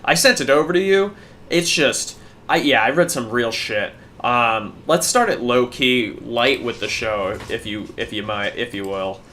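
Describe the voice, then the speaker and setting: A man's voice: mid-range voice, measured pace, bright, forceful tone, slight background noise. A man co-hosting a podcast, chatting casually and telling laid-back stories, swearing now and then. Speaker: podcast co-host. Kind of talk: casual chat.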